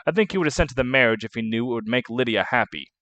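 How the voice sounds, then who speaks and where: Man reads a kindly knight mentor; measured and earnest, dry close mic. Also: mid-range voice, animated, sharp tone, no room sound, lo-fi sound. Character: calm, kindly noble male knight mentor.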